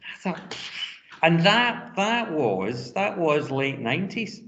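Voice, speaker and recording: A middle-aged man with a Scottish accent, a teacher telling classroom anecdotes in a quick, chatty way. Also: fairly high pitch, big pitch swings, a bit bright, highs cut off. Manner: fast-talking, anecdotal. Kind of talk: casual classroom storytelling.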